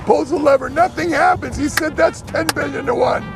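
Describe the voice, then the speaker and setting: Gravelly high-voiced man telling jokes. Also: a little fast, music in the background. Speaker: comedian telling jokes on talk shows. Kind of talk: deadpan joke telling.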